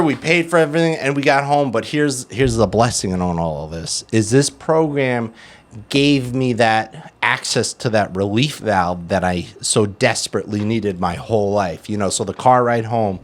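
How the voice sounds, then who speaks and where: A man's voice: medium pitch, normal speed. A man in his thirties co-hosting a recovery podcast tells a story, swearing freely and acting out what people said. His voice sits in a middle range. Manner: animated, swearing, acts out quotes. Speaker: podcast co-host. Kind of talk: casual storytelling in recovery talk.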